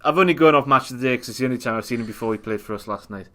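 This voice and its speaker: A young man with a mid-range voice races through a casual chat about his team's latest match as a fan pundit. He's blunt and wry, turning animated when he tells stories.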